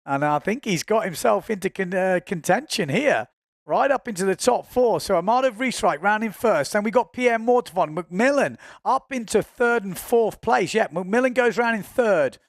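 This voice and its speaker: High, gravelly male race commentator. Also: lively intonation, normal speed, dry recording, studio quality. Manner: chatty, informal, self-correcting. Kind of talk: live sports commentary.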